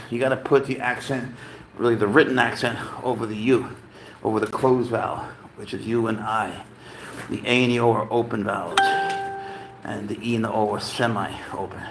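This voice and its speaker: On a casual live stream from home, a man who teaches chats in a medium-pitched, creaky voice, with a little hiss or hum in the recording. He rambles and swears, breaking off into baby talk with his pet.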